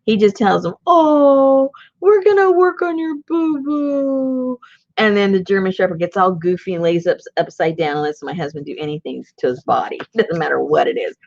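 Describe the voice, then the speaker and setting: A woman's voice: lowish voice, fairly even intonation, fast, gravelly, few pauses, a little mellow, no echo, dull audio. A woman hosting a crafting video, chatting casually as she works and laughing often. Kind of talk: casual chat while collaging.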